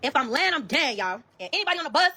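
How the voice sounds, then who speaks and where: A woman's voice: high-pitched, racing. A woman with a Chicago accent telling a story to viewers, blunt and profane, acting out the dialogue. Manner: blunt, profane, animated retelling with quoted dialogue.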